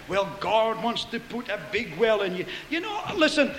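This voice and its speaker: A man preaching a fervent Pentecostal sermon, telling stories and shouting hallelujahs. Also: sits high, big pitch swings, moderate pace, hardly any pauses, roomy sound, long reverb tail, a little hiss or hum. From Scotland.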